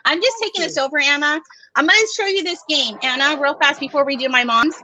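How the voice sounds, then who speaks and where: A woman's voice: high voice, fast, bright, forceful tone, slight background noise. A woman from Hawaii co-hosting a casual video chat, emotional and close to tears as she thanks her mother. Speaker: co-host.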